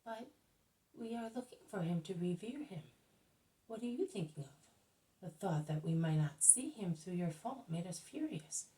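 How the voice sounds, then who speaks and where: A woman voicing proud male Pharisees who accuse and then flatter. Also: deep voice, normal speed, gravelly, distant mic, rough recording. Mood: fawning.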